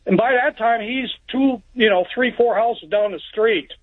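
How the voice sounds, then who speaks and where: A man's voice: extremely high pitch, unhurried. A man calling in to a radio show and telling a rambling, plainspoken story over the phone. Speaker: caller. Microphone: telephone. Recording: tinny phone line.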